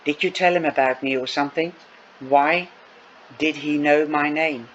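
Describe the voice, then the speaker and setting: A man's voice: a little high, steady tone, moderate pace, fairly bright tone, close to an everyday voice. A man doing a bossy young woman, firm and commanding. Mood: flustered. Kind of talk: audiobook reading. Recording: dull lo-fi with faint noise.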